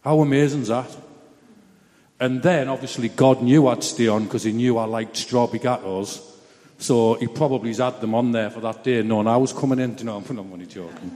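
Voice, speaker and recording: A man's voice: mid-range voice, fairly even intonation, fairly quick, dark tone, big-room sound. A man giving a personal testimony in a chatty, blunt, self-mocking storytelling way.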